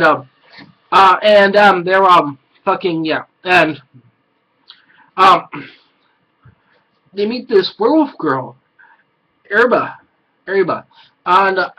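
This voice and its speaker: A man giving an excitable, casual anime review, swearing a lot and breaking into loud exclamations. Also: fairly high pitch, poor audio.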